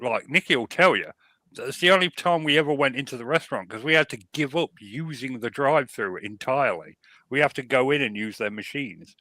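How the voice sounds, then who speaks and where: An English man on a casual podcast, griping bluntly and wryly about everyday annoyances. His voice is bright and forceful, recorded close and dry with no room sound. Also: mid-range voice, no room sound. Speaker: podcast co-host. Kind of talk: casual chat.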